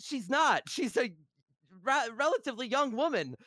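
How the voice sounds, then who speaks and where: A man giving a measured, casual account, now and then with a light laugh. His voice is high and moves a lot in pitch. The recording is dry and close. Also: very animated, sharp tone, dry recording. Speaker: online game player.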